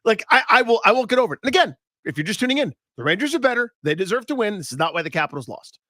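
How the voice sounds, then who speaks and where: A man's voice: high voice, very animated, rapid-fire, pushed and bright, dry recording, studio quality. A man co-hosting sports talk radio, ranting in a heated, mock-dramatic way.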